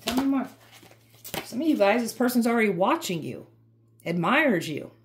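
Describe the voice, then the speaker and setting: A woman's voice: fairly high pitch, sing-song, normal speed, a little hiss or hum. A woman giving an emphatic, repetitive, fired-up tarot reading. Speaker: tarot reader.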